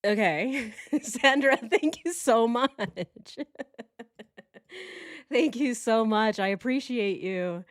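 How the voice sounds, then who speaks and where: Brief: woman true crime vlogger, slow delivery, dry close sound, keeps breaking into disbelieving laughter. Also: fairly high pitch, dry recording. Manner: incredulous, laughs often. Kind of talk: casual reaction commentary.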